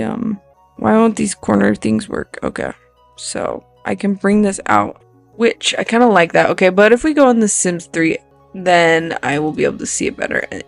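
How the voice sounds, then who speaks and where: Gravelly voice rambling over gameplay. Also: mid-range voice. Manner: thinks aloud, self-deprecating, rambling. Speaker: video creator building in a life-sim game. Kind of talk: casual gameplay commentary.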